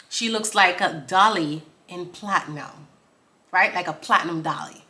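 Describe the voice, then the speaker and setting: A young woman casually explaining song lyrics in an animated way. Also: on the low side, a little slow. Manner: animated, quoting lyrics in a rhythmic chant, laughing. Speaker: song breakdown host. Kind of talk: casual reaction commentary.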